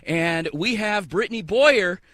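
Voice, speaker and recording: A man with a high, bright, sharp voice hosts a sports radio show as he walks outdoors. He is out of breath, stumbling and restarting his sentences. He speaks into a handheld mic. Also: lively intonation, measured pace. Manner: breathless, stumbling and restarting while speed walking. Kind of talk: live remote broadcast chat. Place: outdoors walking to a softball field. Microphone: handheld microphone with a portable broadcast unit.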